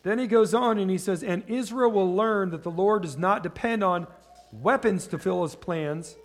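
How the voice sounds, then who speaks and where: High-voiced preacher. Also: male voice. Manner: conversational, asks the congregation questions, slows down for scripture reading. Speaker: pastor. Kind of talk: sermon.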